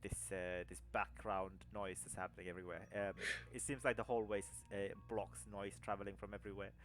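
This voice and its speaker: A young man narrating a tabletop game as game master, halting with many fillers and restarts. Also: fairly low pitch, level tone, a little hiss or hum.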